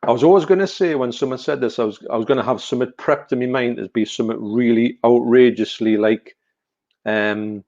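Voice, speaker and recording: A man's voice: medium pitch, fairly quick, darkish tone. Brief: Newcastle-accented man, casual live-stream co-host, rambling self-mocking talker, muffled lo-fi call sound. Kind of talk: casual chat on a video call. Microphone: video call. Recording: dull lo-fi call audio.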